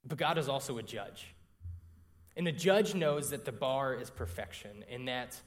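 A man's voice: medium pitch, normal speed. A young man preaching a sermon, telling a personal story in a conversational way and often checking in with the congregation. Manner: conversational, frequent "right?" asides to the congregation.

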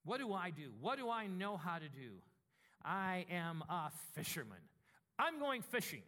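A man's voice: high-pitched, sing-song, a little slow, bright, forceful tone, voice pushed down, full character voice. A man voicing a weary, frustrated fisherman disciple in a plain, restless way.

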